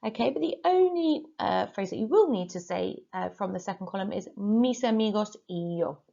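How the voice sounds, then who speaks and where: A woman, a teacher giving a recorded lesson with clear, patient instructions and repeat-after-me drills. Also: medium pitch, animated, moderate pace, warm tone, highs cut off. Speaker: Spanish teacher.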